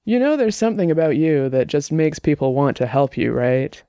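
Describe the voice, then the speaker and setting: A woman's voice: low-pitched, sing-song, moderate pace, mellow, dry recording, studio quality. A man reading the part of a chatty young woman programmer, bubbly and teasing, in an audiobook.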